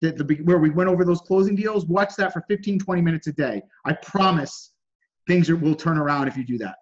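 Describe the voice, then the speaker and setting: A man coaching a student on a group call, energetic and pushy, repeating himself as he drives his point home. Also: a little high, brisk, muffled recording.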